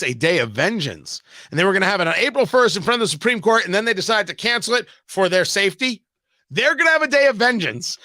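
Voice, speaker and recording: A man's voice: high-pitched, pushed and bright, no room sound. A man hosting a radio talk show, delivering an emphatic, sarcastic political monologue full of rhetorical questions and repetition, on a close studio microphone.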